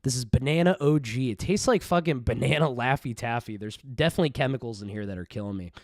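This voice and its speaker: A man's voice: medium pitch, fast, no room sound, studio quality. A man streaming casual commentary, rambling and profane, jumping between topics.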